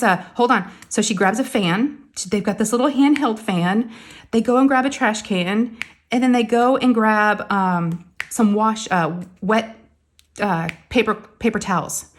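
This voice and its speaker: A woman, casually telling a story to her viewers and acting out the quotes. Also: mid-range voice. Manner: animated, acts out quotes, addresses viewers as "y'all". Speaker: crafting vlogger.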